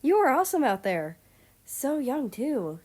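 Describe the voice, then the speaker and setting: A woman voicing an excitable young male guard in a storybook reading, calling out loudly and cheerfully. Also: sits high, measured pace, voice pushed up, exaggerated voice. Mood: excited. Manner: loud, cheerful exclamations.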